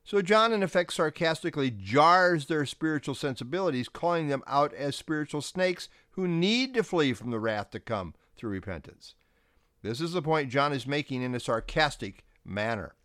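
A man preaching a sermon as pastor, with forceful, emphatic delivery and pointed stresses. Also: fairly high pitch, lively intonation, moderate pace, dry recording, clean studio sound.

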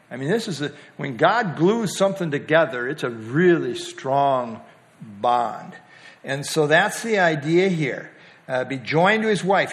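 In a slightly high voice, an elderly man talks informally through a scripture passage. His delivery is homespun and stop-start, sprinkled with gentle jokes and frequent pauses where he begins sentences over.

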